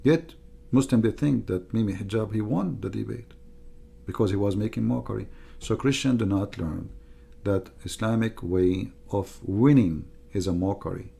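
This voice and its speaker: A man's voice: lowish voice, normal speed, creaky, mellow, slightly rough. A middle-aged man giving an emphatic, repetitive livestream monologue as a religious debater, in non-native grammar.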